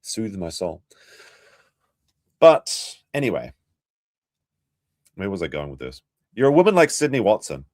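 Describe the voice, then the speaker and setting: A man's voice: low voice, huge pitch swings, unhurried, pauses often, darkish tone, no room sound, clean studio sound. A man hosting a casual commentary stream, ranting and swearing freely. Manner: profane, ranting. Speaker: stream host.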